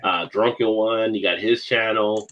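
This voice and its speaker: A man co-hosting a casual beer live stream, easygoing, laughing often and shouting out other channels. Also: fairly low pitch, fairly even intonation, unhurried, highs cut off.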